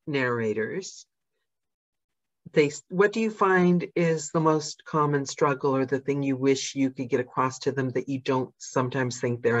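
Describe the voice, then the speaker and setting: A woman hosting a podcast interview, chatty and self-deprecating. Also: very deep voice. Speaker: podcast host and narrator. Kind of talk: casual interview chat. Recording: slightly dull lo-fi audio.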